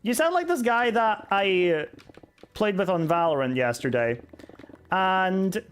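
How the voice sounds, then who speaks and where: A man's voice: high voice, expressive, a little slow. A young man streaming a game, chatting casually and answering chat with sarcasm and swearing. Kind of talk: casual live-stream chat while gaming.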